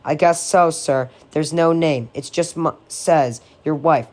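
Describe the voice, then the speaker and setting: A woman's voice: low voice, unhurried, a little mellow. A woman voicing a menacing young man who poses as a polite bellboy. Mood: falsely polite. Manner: falsely polite, cold.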